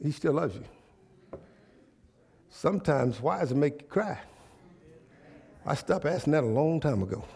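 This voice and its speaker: Husky preacher man. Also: a little high, measured pace, pauses often. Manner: call-and-response preaching, rising to loud animated storytelling. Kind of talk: sermon.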